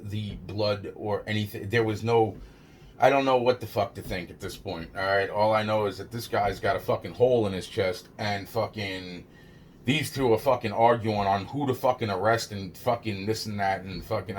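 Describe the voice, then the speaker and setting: A man's voice: on the low side, a little hiss or hum. Rambling, foul-mouthed man telling a story. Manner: rambling, heavy swearing, restarts and laughs. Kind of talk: casual personal storytelling.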